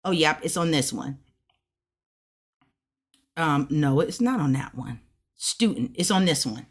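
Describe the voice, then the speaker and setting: A woman vlogging about learning a language, chatting casually, laughing often and sounding out words slowly over and over. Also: sits low, lively intonation, breathy edge. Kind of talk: casual explaining to camera.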